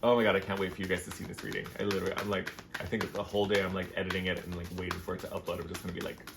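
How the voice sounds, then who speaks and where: Gushing low-voiced man reading tarot. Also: rapid-fire. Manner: gushing, effusive, excitable. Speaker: tarot card reader. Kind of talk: casual tarot reading to camera. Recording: noisy background hiss.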